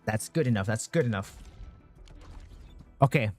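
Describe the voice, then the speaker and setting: A male streamer chatting to his viewers over a game, cursing constantly and getting worked up in bursts. his pitch leaps around wildly as he reacts, with soft game music playing behind him. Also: measured pace, no room sound. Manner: swears constantly, excitable, talks to chat. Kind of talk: casual gaming stream chat.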